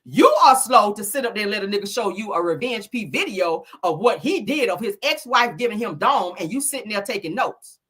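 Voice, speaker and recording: A woman's voice: mid-range voice, lively intonation, fairly quick, fairly bright tone, slightly rough. A woman hosting a gossip commentary show in a sassy, profane, laughing manner, often mimicking people.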